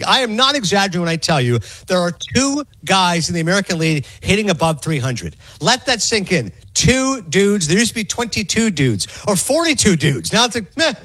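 Rapid husky middle-aged man riffing. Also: sits high, no echo. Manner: rapid and animated, acts out quotes. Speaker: sports radio guest analyst. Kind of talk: fast casual sports talk.

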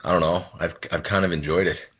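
Deep husky-voiced football coach. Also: male voice, fairly even intonation, fast, a bit bright. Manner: earnest, friendly, repeats words. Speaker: head football coach, guest. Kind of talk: casual interview chat.

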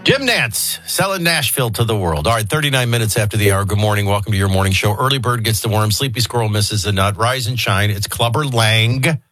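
A man's voice: on the low side, quick pace, hardly any pauses, fairly bright tone, no room sound, soft background music. A man hosting a radio morning show, talking in a jokey, sarcastic way. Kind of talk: casual radio talk.

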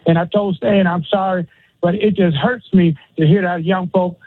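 A man's voice: sits high, fairly even intonation, moderate pace, breathy edge, dry recording. A man calling into a radio show, rambling casually from topic to topic. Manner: rambling, casual, laughs between phrases. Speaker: radio caller. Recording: tinny phone line.

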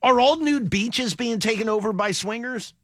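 A man's voice: very high-pitched, a bit bright, dry recording. A man hosting a morning radio show, joking and quizzing a caller in casual banter. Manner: playful, joking, quick questions. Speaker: radio host.

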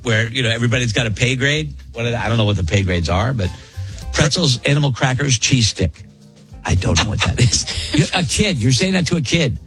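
A man's voice: mid-range voice, a little fast, faint music behind. A man hosting a radio show, chatting casually and joking as he reads listener emails. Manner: animated, joking, laughs often. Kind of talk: casual on-air banter reading listener emails.

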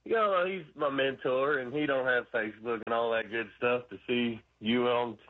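A man's voice: mid-range voice, normal speed. Casual southern guy from arkansas, arkansas accent, calling in, laid-back and friendly, tinny phone line sound. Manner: friendly, laid-back, lots of "man" and "you know". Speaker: caller. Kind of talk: casual phone call to a radio show.

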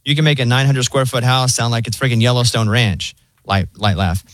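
A man hosting a radio show from a studio, recorded close and dry with no room sound. He tells stories in a relaxed, casual way, with a dry, understated delivery and a mid-pitched voice. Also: brisk, no room sound. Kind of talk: casual morning show banter. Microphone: studio microphone.

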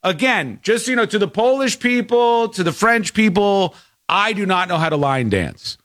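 A man's voice: sits high, normal speed, no room sound, studio quality. An American man hosting a show, riffing casually on news clips and mimicking the people in them. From United States. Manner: animated, mock-quotes people in put-on voices. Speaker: show host.

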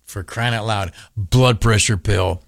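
A man's voice: on the low side, measured pace, creaky, dry recording, clean studio sound. An older man telling a humorous story on the radio, acting out the dialogue in raised voices. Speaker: radio commentator.

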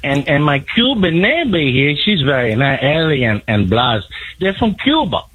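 A man's voice: on the high side, expressive, moderate pace, slightly rough, narrow, tinny audio, pitched below the performer's own voice. A man putting on the voice of a chatty, friendly Hispanic man who rambles in broken English.

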